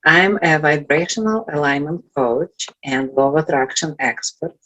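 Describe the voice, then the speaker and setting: A woman's voice: low voice, moderate pace, fairly bright tone, poor audio. A woman from Russia with a Russian accent, giving an earnest, uplifting motivational talk as a guest speaker. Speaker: guest speaker, life coach.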